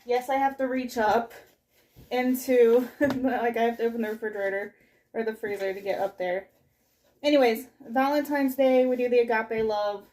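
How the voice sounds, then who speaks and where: With a fairly high, warm, steady voice at normal speed, a young woman vlogs from her home kitchen while doing chores. Her chat is casual and breathless, full of rambling, self-interruptions and scatterbrained turns.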